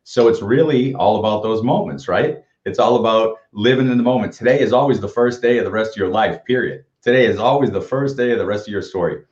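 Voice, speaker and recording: Fifty-something guy, low voice, pep-talk vibe, echoey dull sound. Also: fast, few pauses, darkish tone. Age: 50s. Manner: upbeat, motivational storytelling. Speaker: co-host. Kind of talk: casual livestream chat.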